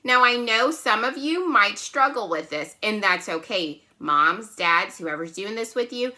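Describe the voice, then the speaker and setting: A woman teaching a phonics lesson to young children, patient and slow, checking in often with "right?" and "okay?". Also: medium pitch, lively intonation, sharp tone. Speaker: kindergarten teacher.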